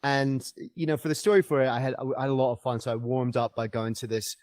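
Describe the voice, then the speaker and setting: A man's voice: mid-range voice, steady tone, fast talker, darkish tone, no echo. A man guest on a podcast interview, telling a travel story in an enthusiastic, rambling way with many fillers and restarts.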